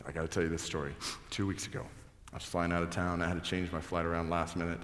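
Pastor preaching in an echoey church. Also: male voice, low-pitched, quick pace. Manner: builds from hushed scripture reading to loud excited storytelling. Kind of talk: sermon. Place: large church hall. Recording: echoey hall reverb.

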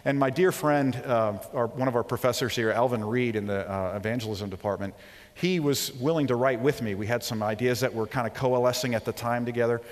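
A brisk man in his forties, both preacher and professor, delivers a sermon full of animated storytelling, voicing the people he quotes and dropping to a hush for emphasis. His pitch is an ordinary mid-range, and a long reverb carries it through a large hall.

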